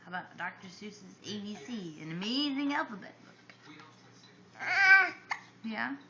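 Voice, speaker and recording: A woman's voice: medium pitch, expressive, a little slow, muffled recording, over a noisy crowd. A woman reading picture books aloud to a child, playfully acting out animal noises and sound effects.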